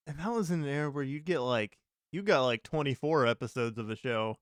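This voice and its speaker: A man co-hosting a movie podcast, rambling loosely and laughing often between thoughts. His voice is smooth and clear, recorded close and dry with no room sound. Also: medium pitch, normal speed, no room sound. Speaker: podcast co-host. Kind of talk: casual movie recap chat.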